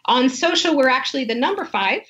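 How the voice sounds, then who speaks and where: In a casual storytelling interview, a woman who founded a wine tasting business talks animatedly in a high-pitched, fairly quick voice. She laughs often and acts out the lines she quotes. The audio is muffled.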